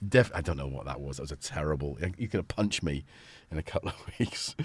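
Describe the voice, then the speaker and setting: A man's voice: extremely low pitch, expressive, a little fast, breathy edge, dry recording. A man hosting a casual livestream from his home studio, rambling and chatty with many restarts. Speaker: livestream host.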